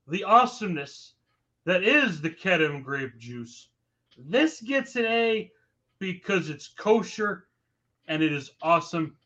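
A man's voice: sits high, pushed and bright. A man from New York co-hosting a podcast in casual, jokey chat. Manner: playful, jokey banter. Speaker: podcast co-host.

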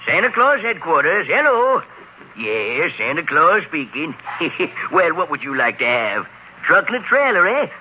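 Santa Claus, hearty and jolly. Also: male voice, on the high side, very animated, pushed and bright, slight background noise, exaggerated voice. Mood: cheerful. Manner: hearty, chuckling, brisk on the phone. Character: jolly busy old Santa Claus, kindly. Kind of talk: 1950s children's radio drama. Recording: muffled old radio broadcast.

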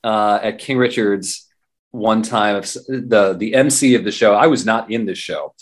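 A low-voiced man talks as an interview guest in a loose, rambling way. He circles back and restarts his thoughts often. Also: moderate pace. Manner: rambling, many restarts and fillers. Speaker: guest, radio journalist and fair performer. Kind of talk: casual interview talk.

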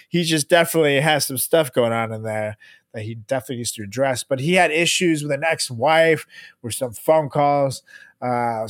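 A man's voice: on the high side, no room sound, clean studio sound. A man co-hosting a podcast in casual chat, laughing and swearing loosely as he talks. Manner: laughing, profane, loose banter. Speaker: podcast co-host.

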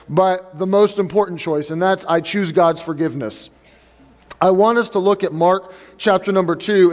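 Male pastor, high-pitched, conversational preaching to the congregation, long church-hall reverb. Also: a little mellow. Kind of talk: sermon. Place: church sanctuary.

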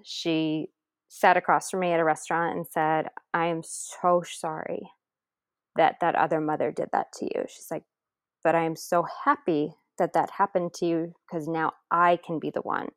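A woman with a fairly low voice tells a personal story in an interview, earnest and emotional. She slips into quoting other people as she goes. The sound is dry and close, with no room around it. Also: clear, resonant tone, dry recording. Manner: earnest, re-enacts others' words. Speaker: interview guest.

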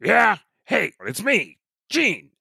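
A man doing a gravelly cranky old boss. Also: sits high, big pitch swings, slow pace, bright, forceful tone, no echo, clean studio sound, voice pushed up, exaggerated voice. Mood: cranky bossy. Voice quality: gravelly, squawks like a bird. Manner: barking orders, stingy. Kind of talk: comedic impression in casual chat.

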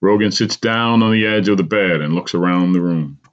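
Deep-voiced man narrating a story. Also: normal speed, highs cut off. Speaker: podcast host.

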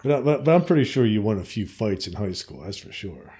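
A man's voice: on the low side, sing-song, brisk, dark tone. A laid-back man in casual chat, rambling and repeating his words.

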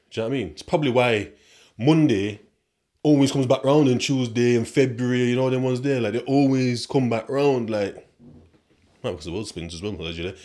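A man's voice: mid-range voice, a little mellow. A young man from the UK, telling a rambling story in street slang on his podcast. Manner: chatty and rambling, street slang, asides to listeners. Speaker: podcast host. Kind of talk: casual storytelling monologue.

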